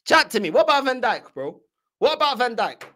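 A woman's voice: a little high, big pitch swings, fairly quick, a bit bright. A woman with a London accent hosting a fan channel, teasing and chatting casually in heavy slang, constantly asking whether the listener gets it. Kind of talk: casual reaction commentary.

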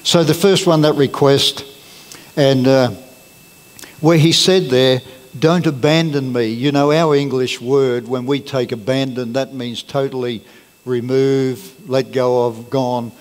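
A man's voice: medium pitch, steady tone, unhurried. A man preaching a sermon as pastor, earnest and plain-spoken, leaning on key words. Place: church hall. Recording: long reverb of a church hall.

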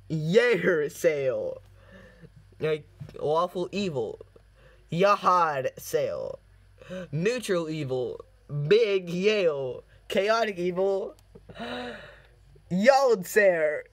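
High-voiced man, slow deadpan reader. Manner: deadpan reading broken out by laughing fits. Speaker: commentary video host. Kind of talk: reading posts aloud with jokey commentary.

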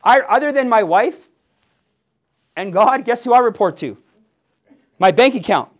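This time the fortysomething from Milwaukee is animated and a little slow as he hammers home his sales training pep talk. His rather high voice stays fired up and punchy, and he challenges the team again and again with "yes or yes?"

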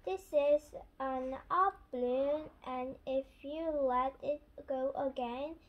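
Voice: high-pitched, highs cut off. A child reading as a little girl pig. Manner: reads slowly, sounding out storybook lines. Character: little girl pig, bossy big sister.

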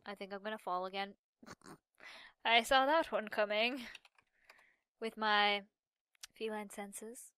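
A young woman talks her way through a game in bubbly, rambling commentary. Her fairly high voice keeps drifting off into chatty asides. It is caught on a close, dry mic with almost no room sound. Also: pushed and bright, smooth, no echo. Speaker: gaming commentator. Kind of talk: casual Minecraft let's-play commentary.

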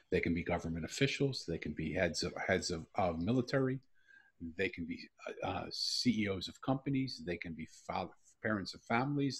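A man's voice: low voice, a bit bright, breathy edge. A middle-aged man hosting a podcast interview, talking in an earnest, reflective way and telling a personal story. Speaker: podcast host. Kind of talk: heartfelt interview talk.

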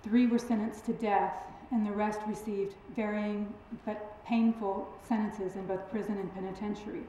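A woman with a twang giving a public lecture in a lively, emphatic, friendly storytelling way. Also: medium pitch, moderate pace, a little hiss or hum. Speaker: guest lecturer. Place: large lecture hall. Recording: very echoey hall recording.

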